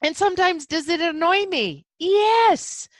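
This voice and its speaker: A woman's voice: very high-pitched, unhurried, dry recording. A middle-aged woman hosting her own podcast, talking in a chatty, enthusiastic, rambling way with lots of fillers. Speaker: podcast host. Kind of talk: solo casual podcast monologue.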